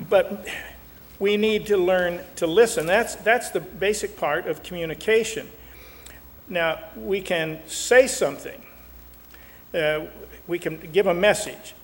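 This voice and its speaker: A man's voice: high voice, measured pace, long reverb tail. An older man and marriage counselor teaching in a folksy, joking way, acting out little quotes. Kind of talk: talk show teaching.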